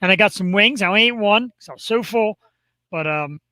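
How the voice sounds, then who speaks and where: A high, very bright-voiced man with a Philadelphia accent hosts a casual live webcast. He talks in an upbeat, rambling way and pokes fun at himself. The sound is dry and close to the mic. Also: brisk, no echo, rough recording. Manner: upbeat, rambling, self-deprecating. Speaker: podcast host.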